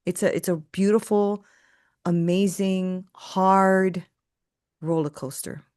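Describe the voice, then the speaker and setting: A woman, a faith coach and podcast guest, telling stories in an emphatic, preachy way. She keeps adding "right?" and acts out quoted voices with big jumps in pitch. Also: steady tone, takes it slowly, a little mellow, clear, resonant tone, no echo, clean studio sound. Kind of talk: storytelling faith talk.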